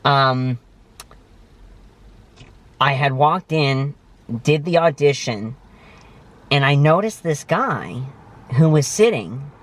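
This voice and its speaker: A man's voice: mid-range voice, a bit bright. A man hosting his own vlog, telling stories to the camera in an enthusiastic, effusive way. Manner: enthusiastic, effusive, heavy on praise words. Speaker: vlog host. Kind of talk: casual storytelling to camera.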